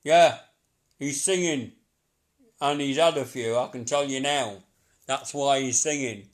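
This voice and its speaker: A man's voice: mid-range voice, a little slow. A middle-aged man working as a psychic medium, giving a live reading to a sitter in a chatty, repetitive way, laughing often.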